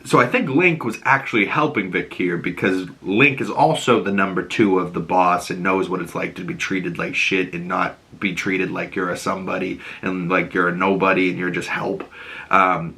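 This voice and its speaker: A man with a Boston accent giving a casual, animated episode recap, acting out the characters' lines. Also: sits low. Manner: animated, acts out characters' lines in raised voices. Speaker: TV show reviewer.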